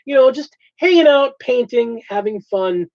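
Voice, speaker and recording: Host, male, high lively voice, laughs a lot, rambling casual chat, lo-fi stream audio. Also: unhurried, gravelly, no echo. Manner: laughs often, restarts sentences.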